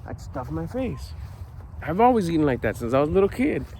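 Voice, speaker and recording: A middle-aged man talks straight to the camera in a park at dusk, blunt and lively, cursing freely as he pushes himself on. His voice sits a little high for a man. Faint traffic hums in the background. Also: a little fast. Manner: animated, blunt, swears casually. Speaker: personal development vlogger. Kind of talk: casual motivational monologue. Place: outdoors at a park at sundown.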